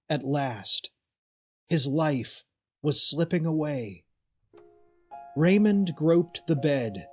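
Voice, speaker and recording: Slow, dramatic male horror narrator. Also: fairly high pitch, a little mellow.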